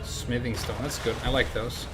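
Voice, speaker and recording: A man's voice: medium pitch, flat delivery, moderate pace, very noisy. A man in his thirties from Sweden, chatting casually in a rambling way while commenting on his own gameplay. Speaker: game streamer.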